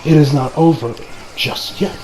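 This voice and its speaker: A man voicing a calm, confident young male hero, reassuring in a smug, drawn-out way. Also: on the high side, crowd noise, voice pushed down, lightly acted.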